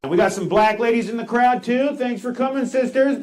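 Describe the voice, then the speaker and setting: A man doing crowd work as a stand-up comedian, brash and teasing, firing off quick punchlines on a club stage. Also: very high voice. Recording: echoey club with loud crowd noise.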